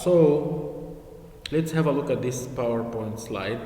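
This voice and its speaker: Slow, patient male teacher in echoey room. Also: a little high, warm tone, soft background music. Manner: slow, patient, repeats key words. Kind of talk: online phonics lesson. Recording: echoey room with long reverb.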